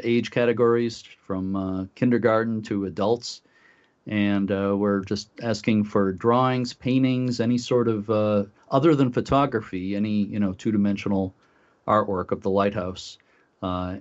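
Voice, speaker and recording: A man with a low voice talks in a halting, casual way, stopping often on filler sounds. The sound is dull and lo-fi, as on a muffled radio line. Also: a little mellow. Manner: halting, many filler uhs. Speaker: lighthouse group volunteer leader. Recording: dull lo-fi recording.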